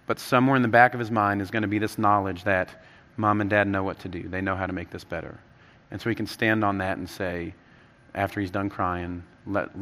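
A man in his thirties preaches in a storytelling way, his voice climbing and louder when excited and sinking soft and low for serious points. His tone is bright and forward. The sound carries the long tail of a large church hall. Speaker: pastor. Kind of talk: sermon.

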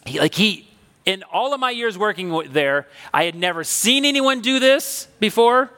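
A man with a high, bright voice delivers a sermon like a personal story, loose and conversational with emphatic swells. The long reverb of a church sanctuary hangs behind every phrase. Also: lively intonation, normal speed. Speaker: pastor.

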